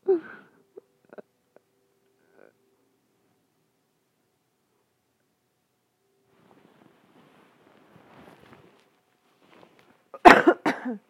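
A woman reacting aloud to a horror game, talking at the screen and swinging from whispers to shouts. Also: very slow, long pauses, highs cut off. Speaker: gaming video host.

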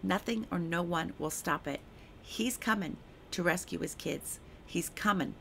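A woman's voice: lowish voice, measured pace, vocal fry, fairly bright tone, slight background noise. A woman hosting a devotional podcast who reads a prophetic word aloud and then talks about it informally. She speaks emphatically and repeats her key phrases with fervour. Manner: emphatic and repetitive, fervent; chatty and informal in her own remarks. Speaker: podcast host sharing prophetic words.

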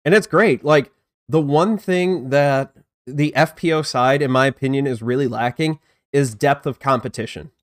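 A man's voice: mid-range voice, smooth, no room sound, studio quality. A man hosting a casual live-streamed disc golf news show, chatting loosely and self-deprecatingly while greeting viewers in the chat.

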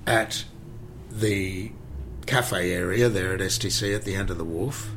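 Animated man telling stories. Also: deep voice, a little slow, slight background noise. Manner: animated anecdotal storyteller, repeats words, rambles. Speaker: actor and interview guest. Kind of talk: conversational interview, storytelling.

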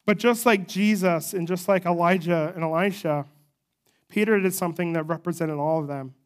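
A pastor delivers a sermon in a relaxed, conversational storytelling manner, moving through a scripture passage and pausing for personal asides. The voice sits at a middle pitch. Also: clear, resonant tone.

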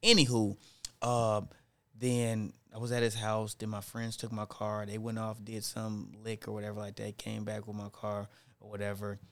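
A man's voice: lowish voice, moderate pace. A man casually telling a story in slangy talk, acting out what people said. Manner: animated, slangy, acts out quotes. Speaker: storyteller in group chat.

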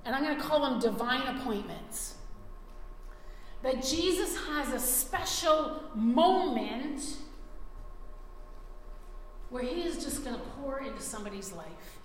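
High-voiced woman preaching in echoey hall. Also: takes it slowly, long pauses, slight background noise. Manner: animated storytelling, acting out scenes. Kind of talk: sermon. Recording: echoey hall, faint ambience.

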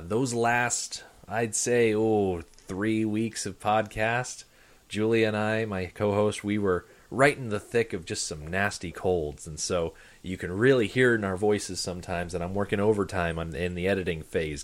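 A man who hosts his own podcast, appearing as a guest in casual chat, talking in a relaxed, rambling way full of hesitations. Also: low-pitched.

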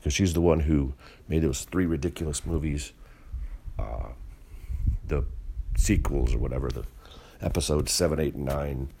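A man's voice: rumbling low, moderate pace, gravelly, pauses often, mellow, slightly rough. A man hosting a solo podcast, ranting bluntly and profanely in a rambling, disgruntled way with frequent restarts. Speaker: podcast host. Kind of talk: solo monologue rant.

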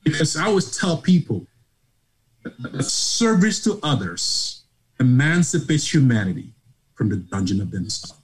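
A middle-aged man with a Nigerian accent, a charity founder telling his story as an interview guest in a passionate, preacher-like way that swings from hushed to loud. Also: medium pitch, big pitch swings, measured pace, rough recording. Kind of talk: emotional motivational storytelling.

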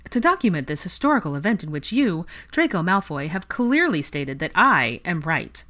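Rich: A young man with a wry, teasing streak, as voiced by a woman reading a fan fiction audiobook, good-humoured and low-pitched. He ribs a former rival gently, never unkindly, in an easy everyday tone. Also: animated, fast.

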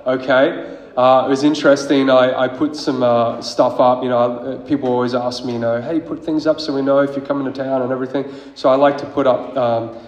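Preacher in an echoey church hall. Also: male voice, mid-range voice, darkish tone. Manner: informal storytelling, rising into fervent prayer. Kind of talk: sermon with testimony and prayer.

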